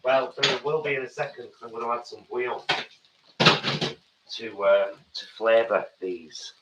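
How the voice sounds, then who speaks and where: A man's voice: medium pitch, measured pace, very noisy. A man, chatting playfully while cooking in a home kitchen on a live stream. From England. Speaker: cooking show co-host.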